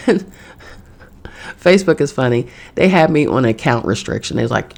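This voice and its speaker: A woman's voice: a bass voice, animated, measured pace, vocal fry, pauses often, darkish tone. A woman hosting a podcast, talking bluntly and profanely in a casual spiritual monologue from home. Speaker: podcast host. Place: home in New York.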